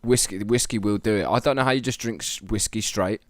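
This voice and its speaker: A man's voice: lowish voice, fairly quick, no echo. Guy on a podcast asking questions, lots of ums, teasing, dry mic. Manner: teasing, hesitant, curious questions. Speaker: podcast co-host. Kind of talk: casual chat. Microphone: own microphone.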